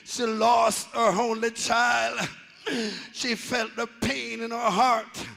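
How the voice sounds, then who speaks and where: Gravelly, high-pitched shouting preacher. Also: male voice, big-room sound. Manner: shouted, sing-song preaching cadence that drops to hushed asides. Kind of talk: Pentecostal sermon. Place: church sanctuary.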